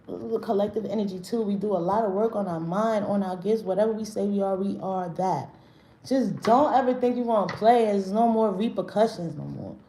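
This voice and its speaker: A woman's voice: medium pitch, darkish tone, slight background noise. Brash, cursing woman on a livestream. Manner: brash, profane, confrontational; rambling, with restarts and slang. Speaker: livestream host. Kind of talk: unscripted livestream rant. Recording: roomy echo.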